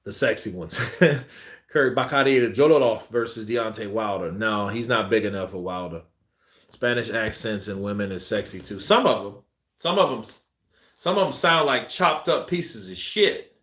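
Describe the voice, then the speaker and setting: A man's voice: fairly low pitch, lively intonation, moderate pace, a bit bright. A man hosting a boxing live stream, reading viewer comments in a loose, joking way and laughing often. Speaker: boxing channel host. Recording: roomy echo.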